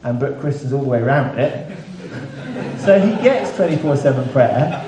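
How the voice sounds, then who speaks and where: A man preaching a sermon in a relaxed, conversational way with dry humour. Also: mid-range voice, moderate pace, a crowd in the background. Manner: conversational, self-deprecating humour. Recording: echoey room, mic at a distance, faint background hiss.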